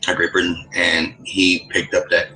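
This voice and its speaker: A man's voice: low voice, monotone, moderate pace, pushed and bright, slight background noise, poor audio. A man chatting casually in an online voice lobby, rambling through stories with many restarts. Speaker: voice chat participant.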